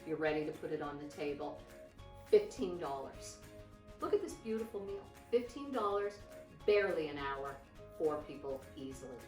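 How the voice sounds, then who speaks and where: A woman hosts a cooking demonstration in a kitchen, talking viewers through each step with chatty admiration. Her voice sits on the low side and sounds a little distant from the mic. The room rings around her, and music runs underneath. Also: lively intonation, moderate pace, roomy sound. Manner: chatty, warmly enthusiastic, repeats "nice" and "beautiful". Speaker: cooking show host.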